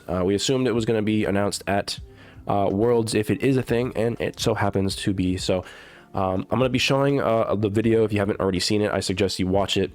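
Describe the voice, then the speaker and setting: A man's voice: lowish voice, darkish tone. A man with a sick, stuffy voice giving a casual, rambling patch-notes commentary as a gaming YouTuber, full of fillers and swearing. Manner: rambling, filler-heavy and profane.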